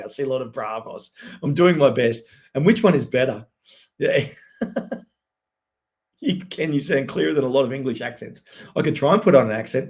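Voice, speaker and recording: Guy doing live fan commentary on a stream, eager play-by-play, lots of quick yeps. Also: medium pitch. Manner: excitable, quick play-by-play with frequent "yep"s. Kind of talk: live match commentary and chat with viewers.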